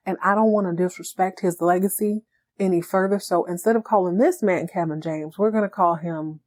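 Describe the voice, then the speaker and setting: A woman hosting a podcast who recaps a TV episode in a comedic, animated way and laughs often. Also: on the low side. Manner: animated, joking, laughs a lot. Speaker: podcast host.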